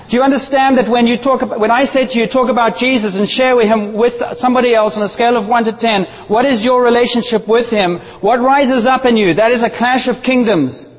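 High-voiced passionate male preacher. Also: big-room sound, dull audio. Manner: passionate, animated preaching with playful asides. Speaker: pastor. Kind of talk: sermon. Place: church.

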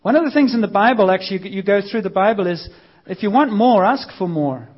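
Lively high-voiced male preacher. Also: fairly quick. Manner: energetic, conversational, lively acted quotes. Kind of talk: sermon. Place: church service. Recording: dull lo-fi sound.

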